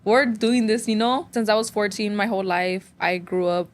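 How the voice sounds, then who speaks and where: A young woman chatting as a podcast guest, telling lively stories and switching between English and Spanish. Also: medium pitch, moderate pace. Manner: storytelling, mixing English and Spanish, acting out others. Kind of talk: casual interview chat.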